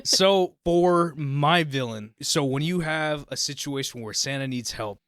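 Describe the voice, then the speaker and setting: A man co-hosting a podcast in casual chat, animated and playful. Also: fairly high pitch, unhurried, dry recording, studio quality. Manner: animated, playful, breaks into joking impressions. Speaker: podcast co-host.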